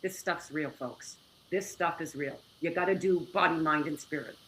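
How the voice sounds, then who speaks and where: A woman speaking as an interview guest, telling a personal story in an animated, exclamatory way and laughing often. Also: low voice, normal speed, slight background noise, low-quality recording.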